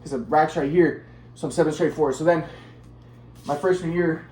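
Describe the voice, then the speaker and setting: A man's voice: a little high, fairly even intonation, moderate pace, darkish tone, echoey room, a little hiss or hum. A man telling a personal story in a casual, rambling monologue, repeating himself while demonstrating moves.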